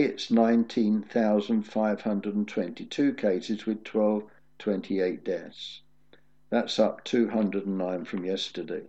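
A man preaching a sermon, with a measured storytelling delivery. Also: fairly low pitch, dark tone. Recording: dull lo-fi recording.

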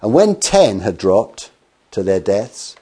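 A man's voice: lowish voice, very animated, takes it slowly, warm tone, breathy edge. A man preaching a sermon, telling stories with acted quotes and rhetorical questions.

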